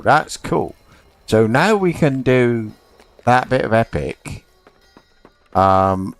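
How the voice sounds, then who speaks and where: Slow, lively low-voiced male gamer. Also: dry recording. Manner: muttering to himself, thinking aloud and spelling out words. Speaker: gamer playing an online role-playing game. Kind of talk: casual let's-play commentary.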